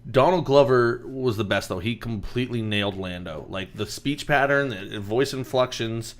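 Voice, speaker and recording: A man in his late twenties co-hosting a podcast, talking in a blunt, emphatic way and swearing freely. His voice sits at an ordinary pitch, and his tone is casual and opinionated. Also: normal speed. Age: late 20s. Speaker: podcast co-host. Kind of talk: casual chat.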